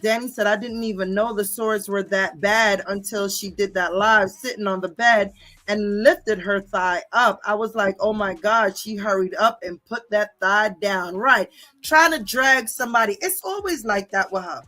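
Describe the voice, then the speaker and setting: A woman's voice: medium pitch, normal speed, bright, forceful tone. Profane, heated woman ranting on stream. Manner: profane, confrontational, repeats "okay?" and "bitch". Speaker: livestream host. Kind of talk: heated livestream rant reading viewer comments.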